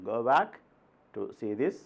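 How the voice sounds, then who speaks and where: A man's voice: medium pitch, very animated, slow pace, gravelly, breathy edge. A man from Sudan, a native Arabic speaker, teaching an English lesson, repeating words with strong stress and often asking "right?". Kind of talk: recorded classroom lesson.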